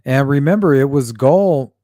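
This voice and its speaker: Mellow-voiced man hosting a casual livestream. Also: mid-range voice, expressive, moderate pace, no echo, studio quality. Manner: blunt and profane, with frequent fillers. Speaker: true-crime livestream host. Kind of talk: casual livestream chat, reading viewer comments.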